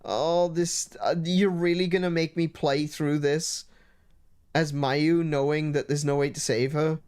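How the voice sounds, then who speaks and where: Slow-talking woman streamer. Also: deep voice, fairly even intonation, darkish tone, clean tone. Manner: chatty, reactive, emotionally invested. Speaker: let's play streamer. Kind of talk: game commentary.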